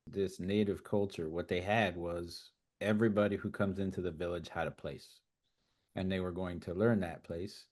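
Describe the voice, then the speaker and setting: Male co-presenter, very low register, halting and self-repeating delivery. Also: darkish tone. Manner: halting, repeats words while searching for them. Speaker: webinar co-presenter. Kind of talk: casual webinar talk.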